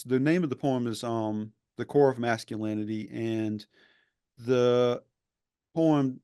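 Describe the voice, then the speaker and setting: Man podcast host, earnest, emphatic, dry close-miked voice, mid-pitched. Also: darkish tone, smooth, dry recording. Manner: earnest, emphatic, rambling with restarts. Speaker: former professor. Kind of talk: reflective conversational interview.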